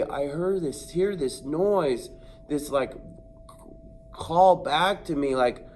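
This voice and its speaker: A man's voice: on the high side, takes it slowly, a little hiss or hum. A man telling a comic personal anecdote, acting out sounds and voices and building suspense. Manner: animated, acts out sounds and voices. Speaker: storyteller.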